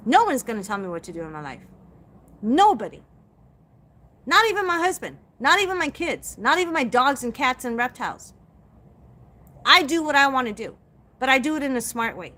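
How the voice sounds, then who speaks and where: A woman's voice: high-pitched, very animated, moderate pace, pauses often, pushed and bright. A middle-aged woman hosting a live stream, talking straight to her viewers in a blunt, profane, emphatic rant. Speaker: psychic livestream host.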